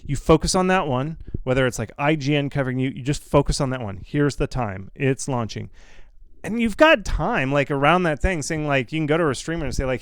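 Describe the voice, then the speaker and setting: A man hosting a casual live Q&A, blunt and reassuring, often repeating himself with quick asides. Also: on the high side, expressive, dry recording. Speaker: host answering viewer questions.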